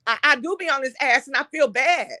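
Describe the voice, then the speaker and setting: A woman's voice: high voice, a little fast, bright, forceful tone, no echo. A woman hosts an impassioned monologue. She talks bluntly and heatedly and swears often. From Detroit, USA. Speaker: online talk show host.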